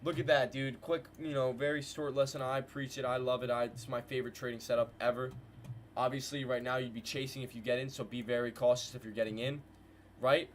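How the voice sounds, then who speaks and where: A man hosting a live trading stream, calling market moves to his viewers in a hyped, slangy way and repeating phrases in quick bursts. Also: medium pitch, little pitch movement, a little hiss or hum. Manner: hyped, slangy, talks to chat with "guys" and "bro". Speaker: trading livestream host. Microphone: desk mic with headphones.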